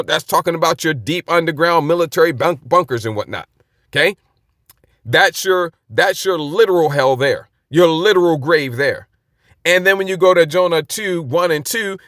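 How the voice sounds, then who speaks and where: A man's voice: a little high, bright, forceful tone, no echo, clean studio sound. A man teaching the Bible in an informal, rambling way, repeating words and checking in with "okay?" often. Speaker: preacher.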